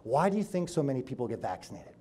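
A man speaking as a chiropractor at a live seminar, telling stories energetically, acting out the people in them and swinging between loud and hushed. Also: medium pitch, big pitch swings, quick pace, a little hiss or hum. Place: room with an audience.

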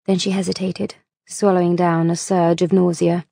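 A woman narrating an audiobook in a measured, unhurried reading voice on a close mic. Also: on the low side, little pitch movement, gravelly, mellow, dry recording.

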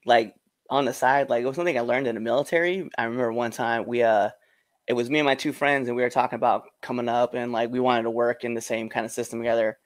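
Relaxed guy hosting a podcast, chill and friendly, dry close sound. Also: mid-range voice, quick pace, no echo. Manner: easygoing, friendly, laughs along. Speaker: podcast host. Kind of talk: casual interview chat.

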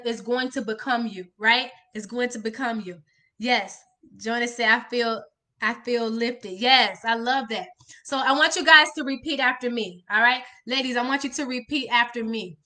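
A woman's voice: a little high, sharp tone. A woman life coach on a live stream, leading viewers through affirmations with lots of energy and repeated "y'all" and "all right.".

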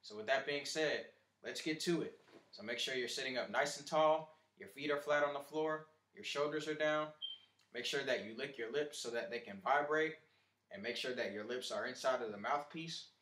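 A man teaching beginners how to play trumpet in a clear instructional lesson. He explains each step in order and counts the listener in before each try. His voice sits at an ordinary pitch and rings in a roomy, echoey space. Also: moderate pace, fairly bright tone.

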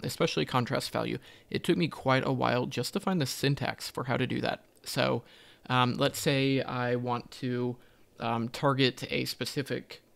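A man's voice: mid-range voice, gravelly, fairly bright tone. A man teaching a coding tutorial, thinking aloud as he types, with frequent ums and self-corrections. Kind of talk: screen-recorded coding walkthrough.

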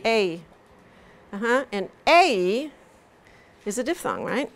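A woman teaching English pronunciation in a live lesson, patiently drilling vowel sounds slowly over and over. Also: a little high, very animated.

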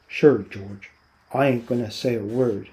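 A big, childlike farmhand speaking timidly and plaintively, voiced by a man reading a novel aloud. The voice is dark and gravelly. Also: mid-range voice, steady tone, a little slow, natural voice.

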